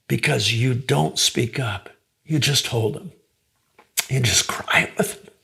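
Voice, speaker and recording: A man speaks slowly and deliberately, with a gravelly edge to his mid-pitched voice. He teaches by retelling a story in earnest detail. He keeps marking each turn with "he says, she says" and lingers on the points he stresses. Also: pushed and bright. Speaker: teacher of a mentoring series. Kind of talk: storytelling lesson.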